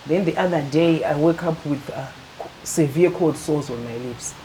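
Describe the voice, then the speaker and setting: A middle-aged woman calmly telling her personal story as an interview guest. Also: sits low, moderate pace, a little hiss or hum, rough recording. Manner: calm, matter-of-fact, acts out quoted dialogue.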